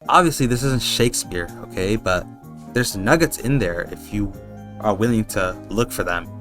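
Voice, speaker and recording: A man's voice: on the low side, lively intonation, normal speed, a bit bright, faint music behind. A young man rambling casually in a vlog, slangy and swearing, calling his viewers bro. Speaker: video essayist.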